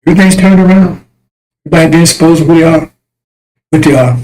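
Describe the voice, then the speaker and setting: A man with a high voice preaches in a fiery, rambling rant. His delivery is crude and mocking, full of scorn for those he condemns. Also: fast talker, a little mellow, low-quality recording. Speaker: self-styled religious messenger. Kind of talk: impassioned religious rant.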